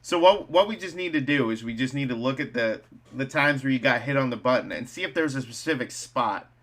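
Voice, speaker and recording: Man, podcast host, bright tense voice, jokey, laughs a lot, casual chat. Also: mid-range voice, lively intonation, a little fast. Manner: joking, laughs often.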